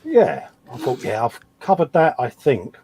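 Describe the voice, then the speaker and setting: Gravelly-voiced man bantering. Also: medium pitch, a little slow, slight background noise. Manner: laid-back banter, lively ups and downs. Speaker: co-host on a live stream.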